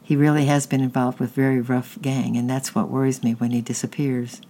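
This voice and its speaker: A narrator voicing a gentle, caring mother who talks calmly and reasons with her daughter. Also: mid-range voice, a little fast, slight background noise, lightly acted.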